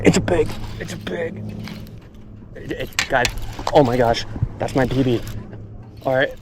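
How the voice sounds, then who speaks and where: A man's voice: mid-range voice, measured pace, pauses often. A man talking straight to his viewers in a casual fishing vlog while out on a boat on a lake. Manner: chatty, talks straight to viewers, says y'all often. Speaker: fishing vlogger. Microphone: action camera on the boat. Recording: outdoor boat noise. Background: boat and water ambience.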